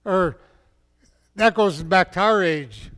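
A man's voice: high-pitched, slow pace, a bit bright. A man preaching a storytelling sermon in a folksy way, speaking directly to his listeners. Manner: folksy, addresses the audience directly. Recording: long hall reverb.

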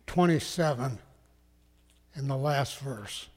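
Slow-preaching man in an echoing hall. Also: medium pitch, animated. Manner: slow, emphatic preaching that drops to hushed tones. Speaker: pastor. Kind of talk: sermon.

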